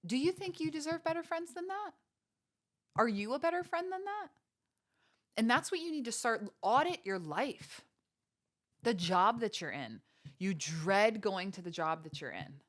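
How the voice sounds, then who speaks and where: A woman's voice: on the high side, sing-song, a little slow. A woman hosting a podcast, giving earnest, preachy motivational talk with faith references and many rhetorical questions. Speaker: podcast host.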